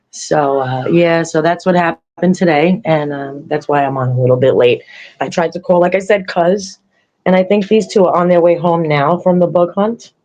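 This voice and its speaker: A woman's voice: fairly low pitch, a little mellow, muffled recording. An older woman, a grandmother, hosting a podcast in loose, rambling casual chat, laughing often as she talks. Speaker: podcast host.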